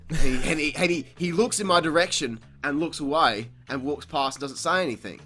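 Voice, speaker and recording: A young man hosts a podcast and tells a long story in a casual, animated way. He swears a lot and breaks into laughter. His voice is bright and forceful, and a little music plays behind him. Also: on the high side, brisk. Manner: profane, animated, laughs often. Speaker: podcast host.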